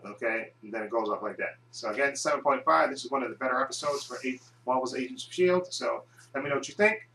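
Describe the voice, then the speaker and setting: A man's voice: medium pitch, fast talker, vocal fry, pushed and bright, echoey room, rough recording. A man giving a casual, rambling recap and review of a TV episode, often restarting his sentences. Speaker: video reviewer.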